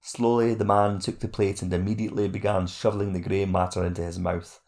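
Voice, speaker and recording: A man reads a fantasy novel aloud as its narrator. His voice sits a touch low and has a rough, gravelly texture. The reading is steady and measured, with even pacing throughout.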